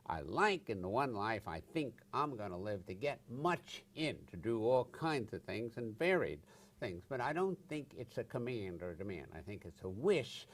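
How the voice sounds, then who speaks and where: An older man, a psychotherapist, answering interview questions bluntly and emphatically, swearing for effect. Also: on the low side. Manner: blunt, emphatic, acts out angry outbursts with swearing.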